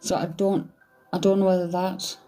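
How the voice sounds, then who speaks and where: A woman's voice: fairly low pitch, flat delivery, normal speed, dark tone, faint music behind. A woman doing a psychic reading, thinking aloud in a hesitant, searching way. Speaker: psychic medium. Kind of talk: live medium reading.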